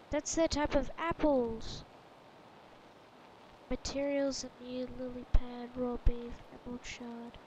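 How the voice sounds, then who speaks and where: High-voiced excitable woman. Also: measured pace, a little hiss or hum, low-quality recording. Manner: excitable, chattering to herself with sudden exclamations. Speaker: let's play gamer. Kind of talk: gameplay commentary.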